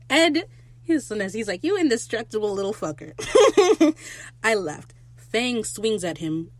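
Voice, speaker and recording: A woman hosting a podcast, recapping a TV episode in casual, animated chat with swearing and bursts of laughter. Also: lowish voice. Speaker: podcast host.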